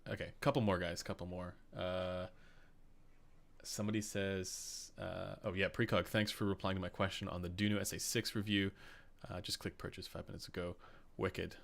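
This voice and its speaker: Canadian guy hosting a stream, low gravelly voice, laughs a lot, lots of ums. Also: little pitch movement, moderate pace. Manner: chatty, laughs often, many fillers. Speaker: podcast host. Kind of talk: casual live-stream chat.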